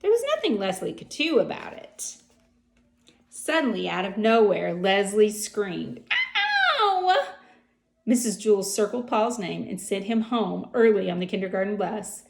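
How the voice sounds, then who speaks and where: A woman reading a children's chapter book aloud with an expressive delivery. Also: mid-range voice, moderate pace. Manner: expressive, gravelly voice. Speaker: reader.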